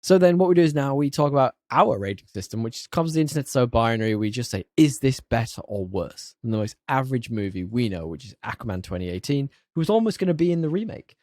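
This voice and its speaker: A man's voice: mid-range voice, animated, fast talker, few pauses, darkish tone, no echo, studio quality. A man co-hosting a casual film-review podcast, joking around and steering the chat with quiz questions. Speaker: podcast co-host.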